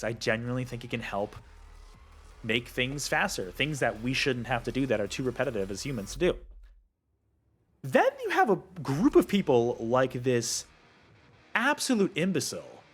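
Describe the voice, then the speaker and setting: A young man ranting to camera as a gaming video creator, heated and profane, his pitch jumping up when he gets worked up. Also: wildly swooping pitch, moderate pace, husky. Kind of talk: angry rant to camera.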